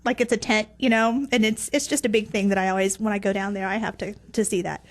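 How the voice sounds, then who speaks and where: Lively woman co-host, casual talk radio. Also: mid-range voice, fast talker. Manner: chatty, lively. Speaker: guest co-host.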